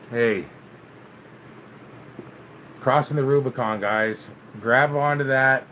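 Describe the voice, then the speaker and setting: A man hosts his own channel and chats casually with live viewers in a vlog, speaking in a mid-range, sharp-toned voice. He takes it slowly with long pauses, sounding loose and laid-back, often saying "man" and swearing, with slight background noise.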